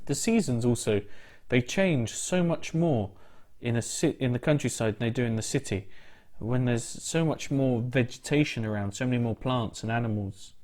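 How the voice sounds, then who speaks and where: An English teacher with a mid-range, darkish voice speaks at normal speed, recorded solo for a class video. He explains vocabulary chattily, throwing in asides and questions to his students.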